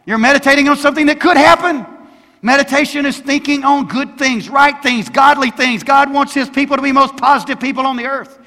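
A man's voice: very high-pitched, steady tone, brisk, pushed and bright. A man in his sixties preaching a sermon as pastor, emphatic and quizzing the congregation with questions. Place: church sanctuary. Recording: long hall reverb in a church.

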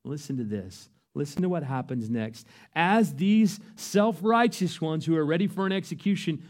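A man preaching a sermon, earnest and emphatic, his voice rising to loud peaks. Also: a little high, expressive, moderate pace. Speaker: pastor.

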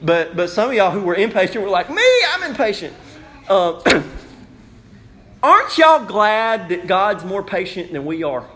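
High-voiced preacher. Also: male voice, moderate pace, few pauses. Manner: animated, acts out questions in raised voices, talks to congregation. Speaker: pastor. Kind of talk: sermon. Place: church sanctuary.

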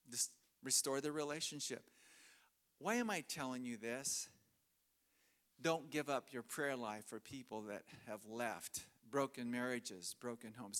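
A man's voice: medium pitch, pushed and bright. Chuckling storytelling male preacher. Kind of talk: sermon. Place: church.

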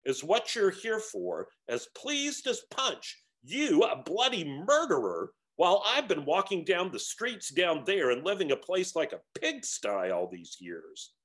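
A man's voice: mid-range voice, huge pitch swings, unhurried, a bit bright. A man voicing a big, resentful male ghost in a story reading, speaking in a raised, strained, indignant voice.

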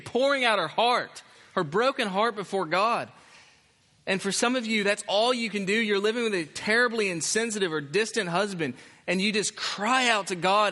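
Bright-voiced male preacher, emphatic. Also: high voice, in a large hall. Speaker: pastor. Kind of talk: sermon. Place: church.

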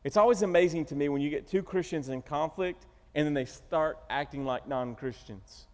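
Animated man preaching in a reverberant hall. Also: on the high side, moderate pace. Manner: animated storytelling, acting out quotes. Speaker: pastor. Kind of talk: sermon.

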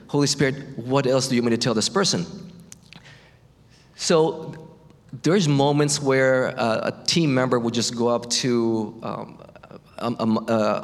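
A middle-aged man shares a personal faith testimony at a middle pitch. He talks in a halting way, repeating words and starting over. His voice rings with a long reverb, as in a large hall.

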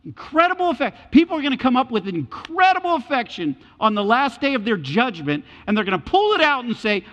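A man's voice: very high-pitched, sing-song, a little fast, hardly any pauses, a bit bright. A man preaching a sermon with dramatic delivery, acting out voices from the scriptures. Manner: dramatic, acts out biblical voices. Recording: echoey hall, dull lo-fi sound.

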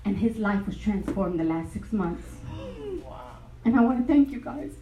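A woman's voice: mid-range voice, normal speed, roomy sound, distant mic, noisy background. A woman giving a sermon at a retreat, telling stories with animation and frequent laughter. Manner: animated storytelling, laughing often. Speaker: retreat speaker. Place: large hall.

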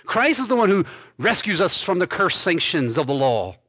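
A man pastor preaching an expository sermon, reading scripture aloud and commenting on it with emphatic stresses and quiet endings. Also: high-pitched, big pitch swings, moderate pace. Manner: emphatic preaching, swinging between loud stresses and dropped soft endings.

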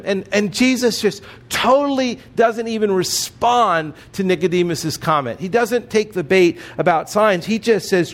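A man's voice: high-pitched, moderate pace, hardly any pauses. A man preaching a sermon in an earnest way, often repeating words for emphasis. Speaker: pastor.

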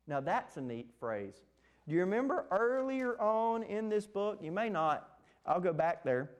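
A man preaching a sermon, lively and animated, acting out the words of the text. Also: a little slow. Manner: animated, acts out scripture quotes with rising pitch.

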